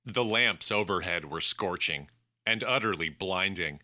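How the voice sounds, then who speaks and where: A man reading an audiobook with measured, expressive storytelling. His voice sits low yet sounds bright and sharp. He takes his time and lets the pitch rise and fall widely. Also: dry recording, clean studio sound. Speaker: audiobook narrator. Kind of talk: scripted audiobook narration.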